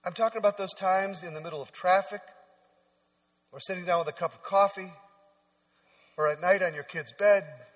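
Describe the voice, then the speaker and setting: A pastor with a fairly high voice preaches from the pulpit of a church sanctuary in a chatty, storytelling style, often dropping to soft, hushed tones. He speaks at a moderate pace with frequent pauses, and his voice carries the long reverb of a large church hall.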